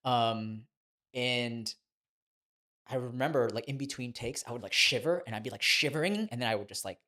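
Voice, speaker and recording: A man in his thirties, a podcast guest, telling stories in a chatty, animated way and laughing as he goes. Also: mid-range voice, moderate pace. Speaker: guest, former child actor turned boxing trainer. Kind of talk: casual podcast storytelling.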